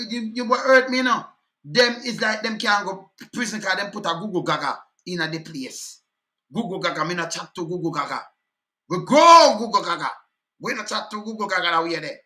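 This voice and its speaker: A man's voice: sits high, sharp tone. A man with a Jamaican accent giving heated, scornful political commentary, firing rhetorical questions and replaying clips.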